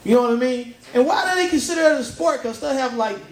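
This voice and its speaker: A man's voice: extremely high pitch, animated, quick pace, roomy sound, slight background noise. A man performing a stand-up comedy set on a pub stage, chatting with the crowd and laughing at his own jokes.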